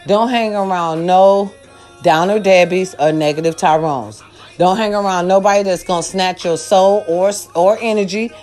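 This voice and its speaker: An older woman giving a loud, sassy, profane pep talk to her followers. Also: fairly low pitch, moderate pace, faint music behind. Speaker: vlogger.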